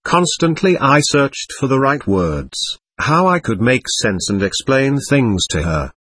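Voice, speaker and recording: A man reading a first-person memoir aloud in a plain, measured storytelling manner. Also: mid-range voice, very animated, fairly bright tone, breathy edge, no room sound.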